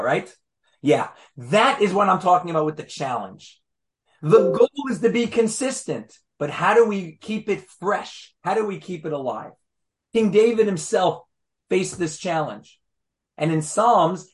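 A man teaching an interactive Torah class, emphatic and animated, firing rhetorical questions at his students. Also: sits high.

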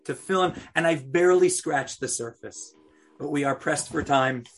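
A man teaching a Torah class, asking his students questions and telling a story in an animated way. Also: a little high, normal speed, soft background music.

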